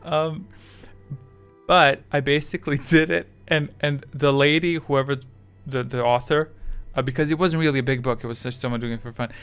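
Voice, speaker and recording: A man's voice: medium pitch, steady tone, normal speed, a bit bright, clear, resonant tone, soft background music. A man chatting casually with his live chat as a streamer, rambling and self-deprecating, with English that is not his first language.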